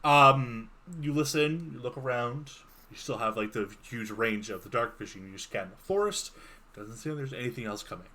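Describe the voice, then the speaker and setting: A man narrating as game master in a relaxed, chatty way. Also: medium pitch, normal speed. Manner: relaxed, chatty, laughs often.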